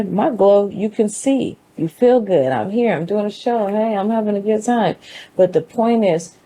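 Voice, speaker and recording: Low, warm-voiced woman preaching uplift. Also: rough recording. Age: adult mother. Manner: emphatic, preachy, conversational. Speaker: show host. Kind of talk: motivational monologue.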